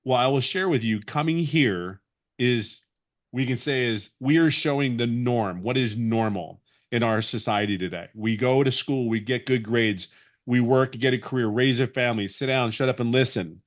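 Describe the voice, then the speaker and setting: Man in his fifties, mid-pitched, earnest rambling testimonial for a webinar. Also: moderate pace. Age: 50s. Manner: earnest, rambling, with many restarts. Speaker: webinar guest sharing his story.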